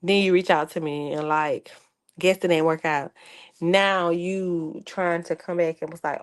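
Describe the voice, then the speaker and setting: A woman's voice: on the low side, steady tone, measured pace. A young adult woman chatting casually to her viewers as a vlogger, sarcastic and talkative, calling them y'all.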